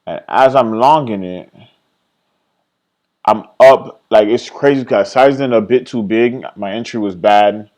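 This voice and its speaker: A young man recapping his day trades in a casual screen-share vlog, rambling, swearing and blaming himself, and voicing his own past thoughts in an excited, higher voice. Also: a little slow, muffled recording. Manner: rambling, self-critical, swears freely, trails off and restarts.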